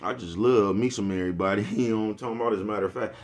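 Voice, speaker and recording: Racing through a casual vlog monologue, a young man rambles in a lowish, slightly mellow voice. He swears heavily, drops crude slang, laughs a lot, and repeatedly asks "you know what I'm talking about".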